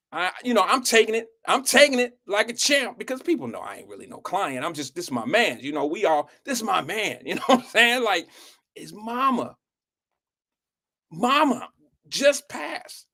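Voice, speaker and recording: A man hosting a live show, spinning an animated, profane story straight to his listeners. His voice sits a little higher than most men's. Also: fairly quick. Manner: animated, swearing storyteller who speaks to the audience directly. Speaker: show host.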